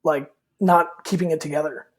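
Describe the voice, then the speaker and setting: A man's voice: on the high side, steady tone, moderate pace, slightly rough. A man guest on a podcast telling a personal story in a candid, rambling way, full of fillers and repeated words. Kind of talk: casual storytelling in an interview.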